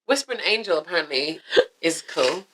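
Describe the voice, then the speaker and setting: A woman's voice: low-pitched, lively intonation, normal speed, very noisy. A woman co-hosting a casual chat podcast, teasing dryly and backing up her friend, feeling unwell. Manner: dry teasing asides, supportive agreement. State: unwell, cough. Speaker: podcast co-host.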